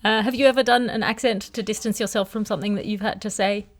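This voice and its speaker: A woman's voice: medium pitch, steady tone, quick pace. A woman hosting a comedy podcast, making dry, wry quips and reading mock ads. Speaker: host.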